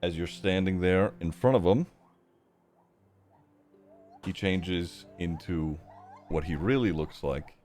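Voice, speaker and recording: Male game master, deep voice, hesitant narration full of fillers. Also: slow, long pauses, a little mellow. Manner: hesitant, many sort-of and uh fillers.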